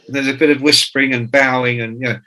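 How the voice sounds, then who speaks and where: A guest author in his sixties tells profane, jokey anecdotes during an interview, acting out the quotes. His medium-pitched voice is fast, pushed and bright, with fairly even intonation. The recording is low quality.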